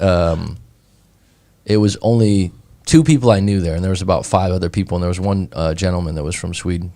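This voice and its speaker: A man from California, a breakup coach hosting a show, chatting casually and telling stories in an animated way. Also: on the low side, no room sound. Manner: animated, conversational, acts out anecdotes. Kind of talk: casual chat, storytelling.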